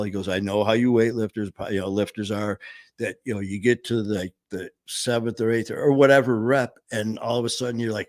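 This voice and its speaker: A man's voice: fairly low pitch, moderate pace, no room sound. A middle-aged man from the United States telling a long personal story in casual, blunt, profane talk. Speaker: podcast host.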